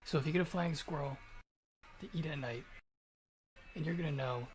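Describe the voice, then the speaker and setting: A man's voice: fairly high pitch, normal speed, rough recording. Rambling, cursing male streamer. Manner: rambling, profane, offhand. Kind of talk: casual live-stream chat.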